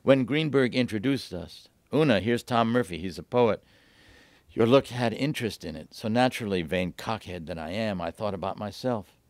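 A man reading aloud from his own novel at a bookstore event, lively, lifting his voice for the dialogue. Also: dry recording. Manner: lively, voices the dialogue with raised pitch and quick asides.

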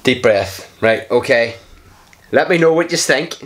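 A man's voice: mid-range voice, animated, a little slow, a bit bright. A man commenting casually on his own game play, muttering in frustration, sighing and swearing under his breath. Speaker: gaming channel host.

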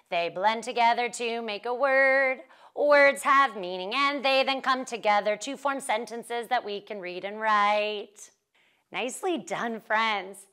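Bright-voiced encouraging first-grade teacher woman. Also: a little high. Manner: warm, encouraging, slow and clear teacher talk to young children. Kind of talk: children's phonics lesson.

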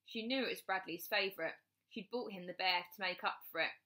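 A woman teacher reading a children's chapter book aloud with expressive storytelling. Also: mid-range voice, a little fast.

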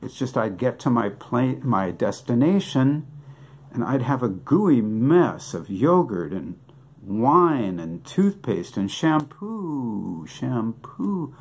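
An older man talks through a comic monologue at an unhurried, deliberate pace. He delivers it with a wry tone, firing off rhetorical questions and then answering them himself. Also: medium pitch, big pitch swings, darkish tone, slightly rough. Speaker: comic songwriter. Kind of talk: joking monologue with props.

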